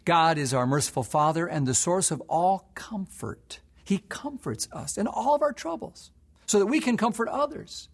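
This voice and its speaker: A male pastor preaching a sermon, moving between soft, hushed prayer and rising, impassioned emphasis. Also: medium pitch, moderate pace.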